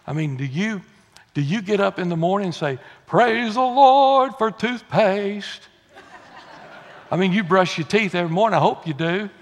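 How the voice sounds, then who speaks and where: A man preaching a sermon, folksy, moving from quiet asides to loud exhortation. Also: fairly high pitch. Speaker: pastor. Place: church sanctuary. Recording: long church hall reverb.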